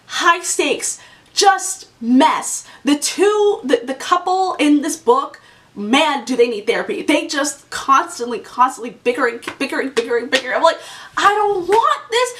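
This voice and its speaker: Animated young woman ranting about books. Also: sits high, far from the mic. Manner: animated, exasperated, talks to viewers directly. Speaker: book vlogger. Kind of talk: casual ranting book review.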